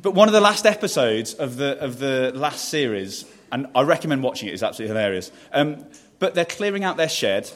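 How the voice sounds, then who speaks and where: A man preaching a sermon in a conversational way, putting questions to the congregation and restarting phrases as he goes. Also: mid-range voice. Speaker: pastor.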